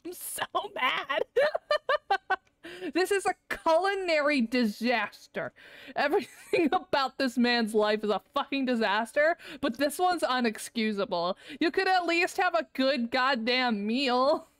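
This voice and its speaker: A woman's voice: high voice, lively intonation, unhurried, clean tone, no room sound. A woman streaming a game live, ranting and swearing in exasperation, with lots of laughter. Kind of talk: live gameplay commentary.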